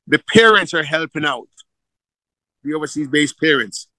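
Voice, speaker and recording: Forceful Jamaican man telling coaching stories. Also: on the high side, moderate pace, no echo, low-quality recording. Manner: animated storyteller, acts out quoted dialogue. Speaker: football coach. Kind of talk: casual interview storytelling.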